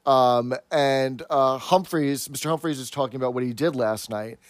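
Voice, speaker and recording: A man's voice: medium pitch, moderate pace, no echo. Chatty male podcast co-host, dry sound. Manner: chatty, explains and tells jokes. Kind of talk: casual podcast chat.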